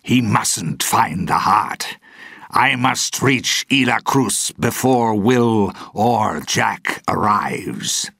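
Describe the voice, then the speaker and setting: A man voicing a cruel, commanding ship captain who speaks in slow, menacing tones. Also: lowish voice, animated, vocal fry, pushed and bright, slightly rough, no echo, clean studio sound, pitched above the performer's own voice, exaggerated voice.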